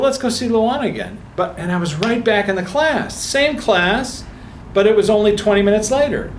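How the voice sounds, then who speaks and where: A man's voice: high-pitched, slight background noise. A man telling a personal story to an audience at a book talk, acting out the voices of the people in it. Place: meeting room before an audience. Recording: echoey room with faint ambience.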